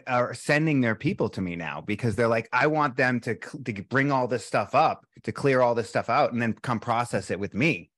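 A man's voice: mid-range voice, no echo. Candid man, dry close sound. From US East Coast, Boston. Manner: animated, candid, swears a little. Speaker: breathwork teacher, guest. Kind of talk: casual podcast conversation.

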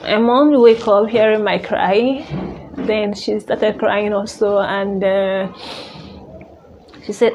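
A woman telling a personal story in a halting, emotional way, full of restarts. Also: mid-range voice, fairly even intonation, darkish tone, slight background noise. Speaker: vlogger.

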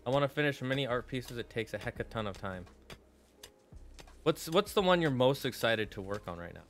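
A man's voice: medium pitch, animated, brisk, a bit bright, faint music behind. Chatty male game streamer. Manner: chatty, playful, talks to his chat. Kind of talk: casual live-stream chat while gaming.

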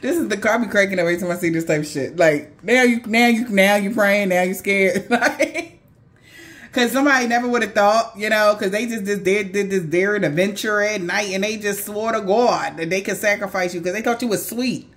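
A woman's voice: medium pitch, fast, hardly any pauses. A woman giving a casual spiritual reading to her viewers, cursing freely, laughing often and talking straight to them. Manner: profane, laughing, animated, talks straight to viewers. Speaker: psychic reader.

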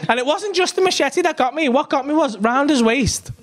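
A male comedian with a Liverpool accent tells a story from a club stage into a handheld mic. He talks in a fairly high voice that leaps up and down as he swears and plays the people in the tale. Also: brisk. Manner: animated, swearing, acts out the people in his story. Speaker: stand-up comedian. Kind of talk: stand-up storytelling.

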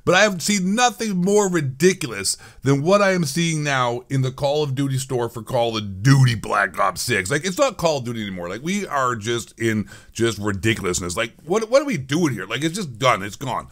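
A man's voice: medium pitch, very animated, normal speed, few pauses, a bit bright. A man ranting sarcastically as a gaming YouTuber, exasperated and swearing often. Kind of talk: gaming commentary rant.

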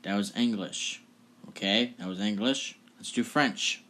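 This casual vlog's host has a fairly low yet bright voice with a forceful tone, and he speaks unhurriedly. Chatty and offhand, he introduces each clip and laughs at the results.

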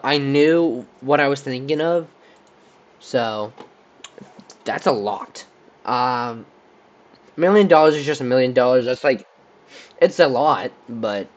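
Give me a young guy casually playing would-you-rather on camera, mid-pitched and easygoing, with a slightly muffled home recording. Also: measured pace, long pauses. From Texas. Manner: rambling, thinking aloud with many likes and restarts. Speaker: channel host. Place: room with a squeaky chair.

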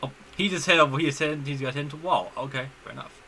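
Excitable young man, bright voice. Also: a little high, rapid-fire, slight background noise. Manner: excitable, stumbling restarts. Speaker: gaming YouTuber. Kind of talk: casual gameplay commentary.

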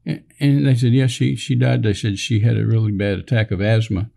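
A man's voice: on the low side, steady tone, fairly quick, creaky, warm tone. An older man from Texas, a minister telling a rambling personal story in casual conversation, with many fillers and restarts, acting out the dialogue he quotes.

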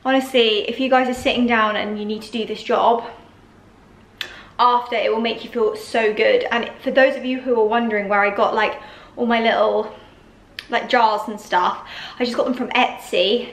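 A young woman talks casually to her vlog audience. She gushes and fills her sentences with "um" and "like", sounding a little out of breath. Her voice sits slightly high. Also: fairly even intonation, normal speed, rough recording. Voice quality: chatty, gushing, many fillers. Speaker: vlogger. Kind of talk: casual vlog chat to camera.

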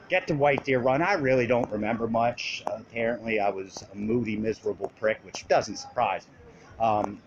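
A man telling a personal story into his phone in a casual, profane, rambling and animated way. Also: mid-range voice. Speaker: vlogger. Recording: muffled phone audio with hiss.

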